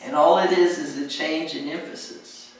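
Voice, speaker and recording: A woman's voice: low-pitched, fairly even intonation, normal speed, very echoey, recorded from a distance, low-quality recording. An American woman teaching pronunciation, patiently modeling words and repeating them for her students. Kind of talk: pronunciation coaching.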